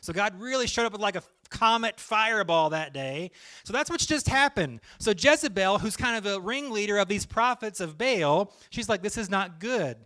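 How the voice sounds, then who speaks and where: A man's voice: high-pitched, animated, moderate pace, pushed and bright. A male pastor preaching a sermon in a conversational way, full of joking stories. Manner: conversational, jokey storytelling.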